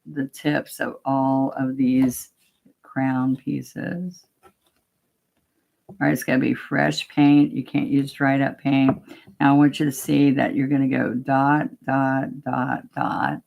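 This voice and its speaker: A woman's voice: a bass voice, vocal fry, slight background noise. A woman teaching a painting demo, chatting casually step by step and talking to herself as she works. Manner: chatty, talks to herself while working, gently coaxing. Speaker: painting instructor.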